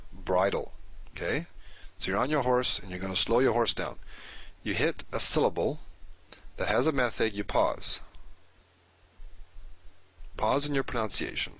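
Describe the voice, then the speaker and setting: Low-voiced man giving a patient lesson. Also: a bit bright, slightly rough. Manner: patient, explanatory, repeats key terms. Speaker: Hebrew teacher. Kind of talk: recorded lecture. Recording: dull lo-fi recording.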